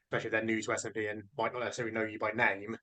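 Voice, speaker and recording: A man's voice: on the low side, little pitch movement, very fast, pushed and bright. A man hosting an interview, affirming his guest and steering toward the next topic. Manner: affirming, steers the talk, laughs easily. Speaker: interview host. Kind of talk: conversational interview.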